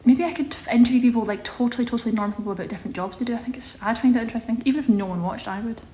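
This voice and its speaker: A woman's voice: a little high, racing, warm tone. A young woman chatting casually on a live stream, reading out viewer questions and answering them. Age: young adult. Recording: echoey room with faint ambience.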